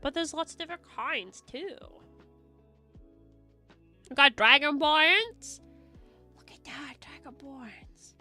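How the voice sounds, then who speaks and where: A woman streamer chatting casually, rambling and excitable, swearing and giggling often. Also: high-pitched, takes it slowly, pauses often, faint music behind.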